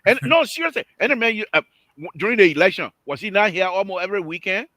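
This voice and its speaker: Animated radio host, bright voice. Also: male voice, high-pitched, fast, dry recording. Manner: animated, teasing, mimics voices, laughs often. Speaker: radio talk show host. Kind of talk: casual call-in radio banter. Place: radio studio.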